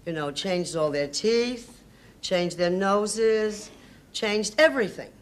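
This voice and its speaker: A woman's voice: medium pitch, takes it slowly. Emphatic older woman, sardonic. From United States. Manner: emphatic, hesitant restarts, sardonic. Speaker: interview guest. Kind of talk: reminiscing interview.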